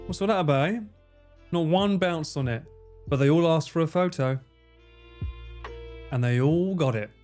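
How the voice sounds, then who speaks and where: A man's voice: on the high side, moderate pace, long pauses, a little mellow, soft background music. A man hosting a casual livestream, reading viewer messages with lots of swearing and self-mocking jokes. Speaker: livestream host.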